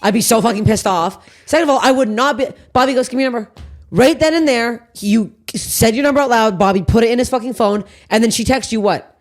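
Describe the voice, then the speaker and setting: Brash, swearing woman podcast host. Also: a little high. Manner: brash, swears a lot, rapid tangents. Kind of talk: casual comedic chat.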